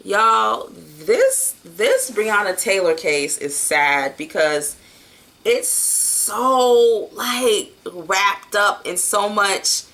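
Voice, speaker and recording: A woman's voice: mid-range voice, sing-song, drawn-out words, a bit bright. A woman doing a casual tarot reading, talking bluntly and loosely with plenty of fillers and some swearing. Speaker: tarot card reader.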